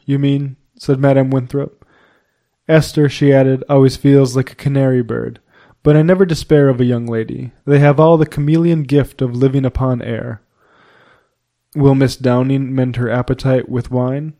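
A man reading a classic novel aloud in a measured, even storytelling manner, giving the dialogue light voicing. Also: medium pitch. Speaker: audiobook narrator.

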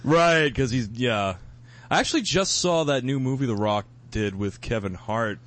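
A man hosting a podcast in casual chat, easygoing and quick to laugh, steering the conversation onward. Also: medium pitch, lively intonation, fairly bright tone. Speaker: podcast host.

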